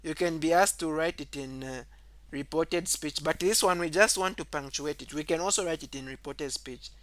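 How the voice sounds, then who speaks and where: Speaking at a normal speed on a recording with no room sound, a man walks through a grammar lesson step by step. He often says "okay," goes over key points again, and raises his voice and pitch when reading example sentences.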